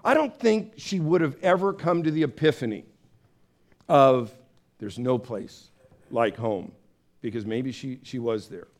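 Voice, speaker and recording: A man preaching a sermon in a conversational, storytelling way, acting out voices with big swings of pitch. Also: measured pace, darkish tone. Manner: conversational, with fillers and restarts. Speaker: pastor.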